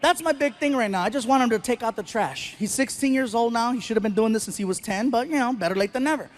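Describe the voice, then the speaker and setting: A middle-aged man with a very high voice tells a story in his stand-up set. He is animated and acts out the other people's voices as he goes. Faint background noise sits under him. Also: fast talker. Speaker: stand-up comedian. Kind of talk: stand-up comedy routine.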